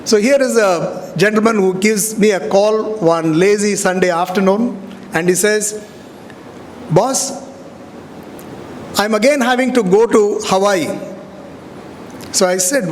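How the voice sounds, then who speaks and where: A middle-aged man gives a convocation speech, acting out conversations with animated shifts of voice. His voice is fairly high for a man. The sound carries a long hall reverb over faint background noise. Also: a little slow, pauses often. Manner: animated storyteller, acts out dialogue. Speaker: convocation speaker. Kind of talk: storytelling speech. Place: large hall.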